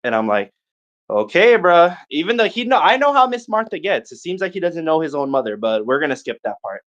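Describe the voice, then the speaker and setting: A young man, fairly high-pitched, tells a long, profane party story on a laid-back podcast, full of animation and quick impressions of what his friends said. The sound is lo-fi.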